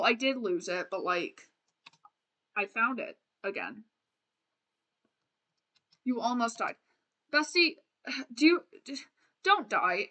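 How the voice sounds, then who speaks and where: A young woman streams a game, chatting casually and playfully while she plays, rambling with lots of restarts. Her voice is fairly high-pitched, pushed and bright.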